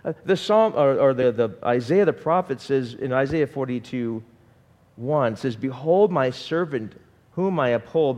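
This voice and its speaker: A man preaching a sermon in an animated way and asking the congregation questions. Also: a little high, in a large hall. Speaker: pastor.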